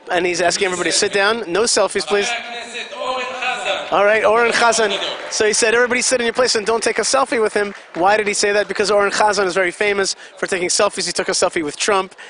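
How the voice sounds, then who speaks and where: At an event, a man with a high, fairly bright voice provides chatty live commentary, continually explaining what's happening and putting questions to his audience. Traffic noise from outside is audible behind him.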